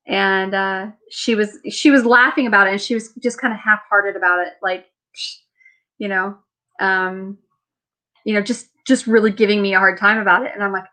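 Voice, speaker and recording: A worn-out woman hosts a late-night live stream from her home, chatting loosely and answering viewer comments. She rambles, laughs easily and keeps her tone relaxed and teasing. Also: medium pitch, normal speed. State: tired. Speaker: livestream host. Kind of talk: casual live chat reading viewer comments.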